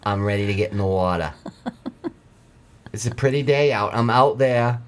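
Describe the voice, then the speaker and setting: A blustery Maine lobster diver swears his way through a rambling tale, as a man puts him on. The thick local accent and profane, rough delivery sit a little higher than the performer's own voice, and stay loud and brash throughout. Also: normal speed, a little hiss or hum, close to an everyday voice.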